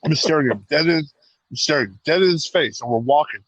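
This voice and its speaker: A man on a podcast telling a profane, animated story, acting out the lines of the people in it. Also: on the high side, fairly quick, dry recording, poor audio. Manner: profane, animated retelling with acted-out quotes. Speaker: podcast co-host. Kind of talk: casual storytelling.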